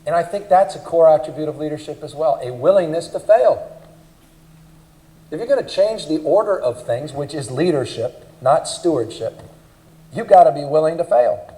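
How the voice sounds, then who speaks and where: A man giving a public speech at a leadership forum, telling anecdotes in an animated, emphatic way. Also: fairly high pitch, normal speed, rough recording. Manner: animated storyteller, emphatic and punchy. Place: conference forum.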